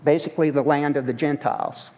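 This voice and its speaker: Male preacher, slightly high pitch, conversational questioning sermon, long church reverb. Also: fairly even intonation, quick pace, dark tone. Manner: conversational, asks the congregation questions. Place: church sanctuary.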